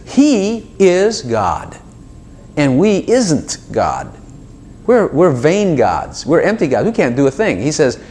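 Man giving a casual sermon, lively up-and-down delivery, keeps asking the group questions. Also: fairly high pitch. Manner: animated, talks directly to listeners with frequent asides and acted dialogues. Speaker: preacher. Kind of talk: informal sermon to a small group.

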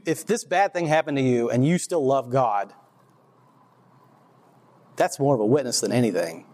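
A man giving an informal, rambling faith testimony to a group, often restarting his sentences and laughing at himself. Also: medium pitch. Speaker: church speaker.

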